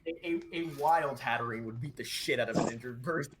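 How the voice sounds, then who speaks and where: A man's voice: medium pitch, fast, a bit bright. Young man running a tabletop game. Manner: laughs often, casual and wry. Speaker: game master.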